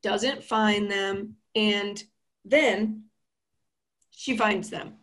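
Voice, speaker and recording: A young woman chatting casually and animatedly as she retells a film plot, full of quick asides. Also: mid-range voice, a bit bright.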